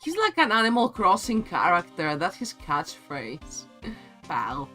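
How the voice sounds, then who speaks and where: A man's voice: high voice, huge pitch swings, slow, bright, forceful tone, soft background music. A man streaming a game and chatting casually with his viewers in a playful, giggly way.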